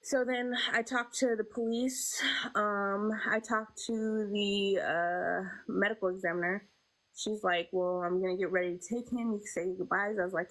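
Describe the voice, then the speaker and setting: A young woman telling a painful personal story as an interview guest, halting and emotional, with many fillers. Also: medium pitch, steady tone, fairly bright tone, poor audio.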